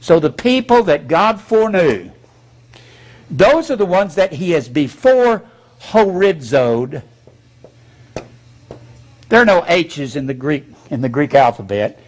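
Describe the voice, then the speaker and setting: A man's voice: on the high side, very animated, slow, pauses often. A man preaching a sermon as pastor, speaking bluntly and folksily with mocking asides.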